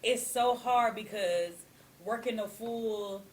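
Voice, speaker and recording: A woman's voice: a little high, slow pace, a little hiss or hum. A young adult woman, a hairstylist, talking candidly in a casual interview and often adding "you know what I'm saying". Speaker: hairstylist and guest.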